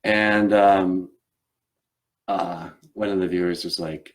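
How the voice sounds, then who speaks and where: A man's voice: deep voice, steady tone, slow pace. A man hosting a live stream in casual chat, rambling and hesitant, with many fillers and restarts. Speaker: show host and puppeteer.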